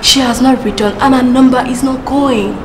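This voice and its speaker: A woman's voice: high voice, fairly even intonation, moderate pace, background noise, lightly acted. An actress with a Nigerian accent playing a worried woman asking about her missing friend. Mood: anxious. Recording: echoey room with music.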